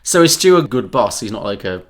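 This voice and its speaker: A man co-hosting a podcast, chatting casually with quick reactions and jokey asides. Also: lowish voice, sing-song. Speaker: podcast co-host.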